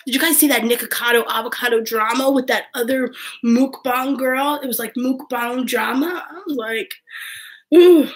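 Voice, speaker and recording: A young woman hosts a live stream and chats with her viewers in a loose, rambling way. Her voice sits a little high, and she fills her talk with "like" and breaks into quick laughs. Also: steady tone, fairly bright tone. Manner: chatty, rambling, heavy use of "like", frequent laughs. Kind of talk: casual live-stream chat reading viewer comments.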